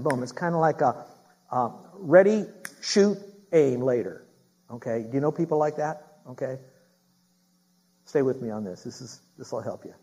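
A middle-aged man preaching with a voice pitched a little high. He presses his points hard, repeats key phrases and keeps turning questions on his listeners. He sounds like a pastor leading his congregation through a sermon. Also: a little mellow, slightly rough, low-quality recording.

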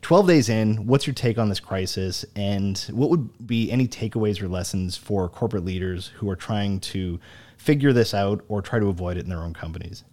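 A man from Canada hosting a podcast, conversational and animated when asking questions. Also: on the low side, normal speed. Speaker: podcast host. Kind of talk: casual podcast chat.

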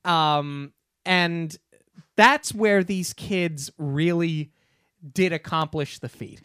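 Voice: mid-range voice, animated, slow, a bit bright, no room sound. Opinionated New Yorker, dry sound. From New York. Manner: opinionated, argumentative, many fillers and restarts. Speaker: podcast co-host. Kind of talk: casual review chat.

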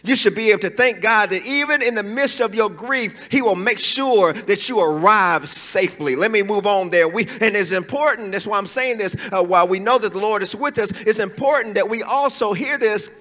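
A man's voice: sits high, normal speed, few pauses, pushed and bright, in a large hall. A man preaching a sermon in a conversational, emphatic way, with asides and chuckles.

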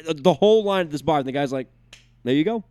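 A man co-hosting a casual talk show, telling stories in a rambling, animated way with lots of restarts. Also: on the high side, quick pace, clear, resonant tone, no room sound. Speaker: podcast co-host.

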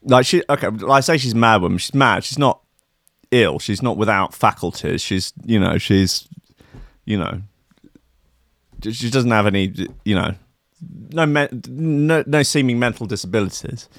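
A man's voice: medium pitch, moderate pace, fairly bright tone, no room sound, studio quality. A man telling a comic anecdote in a wry, rambling, sarcastic way. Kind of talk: comic storytelling monologue.

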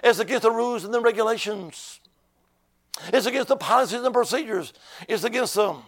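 A man preaching as an evangelist in a church, shouting in rhythmic bursts and breaking into tongues. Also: extremely high pitch, brisk. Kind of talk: sermon. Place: church with a keyboard player.

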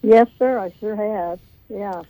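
A woman's voice: medium pitch, takes it slowly, mellow, poor audio. A middle-aged woman, a guest author telling her life story in an earnest, chatty way on a radio interview. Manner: chatty, earnest, tells stories with quoted dialogue.

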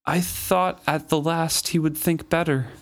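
A man's voice: a little high, fairly even intonation, unhurried, pitched above the performer's own voice. Man reading as a weary dying old king. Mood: grieving. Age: older.

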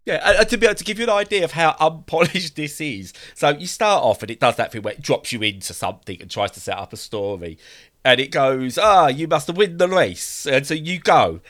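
A man's voice: fairly high pitch, expressive, brisk, fairly bright tone. A man co-hosting a casual podcast chat, rambling enthusiastically with lots of fillers and restarts. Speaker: podcast co-host.

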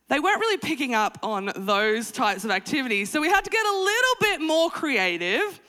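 A woman in her thirties preaching at a conference, mixing prayer with humorous family stories, soaring high for emphasis and dropping soft and low when she prays. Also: a little fast, few pauses. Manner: animated, jumps to high exclaiming pitch for emphasis. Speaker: conference speaker. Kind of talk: sermon with prayer and humorous storytelling. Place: conference hall stage.

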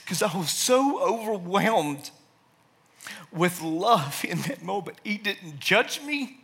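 A man giving an earnest, emotional personal testimony in a sermon-like talk, at times dropping to a hushed, soft voice, with frequent restarts. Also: high voice, big pitch swings, takes it slowly, creaky, breathy edge. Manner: hushed, soft-spoken in quiet passages.

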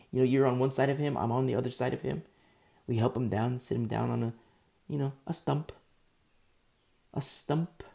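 Guy preaching, gravelly low-key voice, dark tone, chatty storytelling vibe. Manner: animated, conversational retelling with asides. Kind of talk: storytelling sermon.

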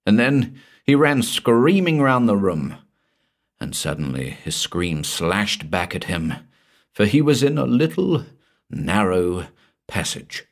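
Expressive male horror narrator. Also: on the low side, slow pace, creaky. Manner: tense, expressive storytelling. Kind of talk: dramatic audiobook narration.

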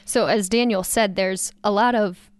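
A woman's voice: mid-range voice, fairly even intonation, moderate pace, smooth, no echo. A woman co-hosting a podcast on youth ministry, chatting and reading out findings from a study. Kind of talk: casual podcast discussion.

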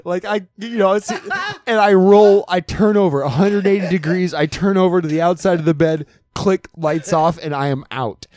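A man's voice: high-pitched, lively intonation, moderate pace, hardly any pauses, a little mellow. A man co-hosting a podcast, telling a funny story in casual chat and laughing through it with rambling restarts. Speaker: podcast co-host.

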